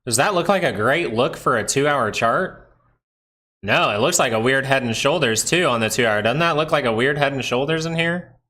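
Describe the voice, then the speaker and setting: A man hosting a live stock market stream, chatting casually over charts, excitable and asking himself questions as he thinks aloud. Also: mid-range voice, moderate pace. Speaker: stock market livestream host.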